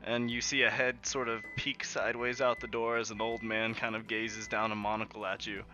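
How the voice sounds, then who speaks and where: A man's voice: on the low side, flat delivery, normal speed. A man narrating a tabletop game as game master, in a rambling, giggly way full of fillers, in a muffled lo-fi recording with faint music.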